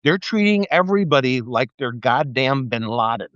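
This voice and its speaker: Talking at an ordinary pace with a medium-pitched voice, a man who was once a police officer rants and tells stories in a relaxed livestream monologue. He's profane and animated, laughing and voicing the people he quotes. The livestream mic yields lo-fi sound with no room sound.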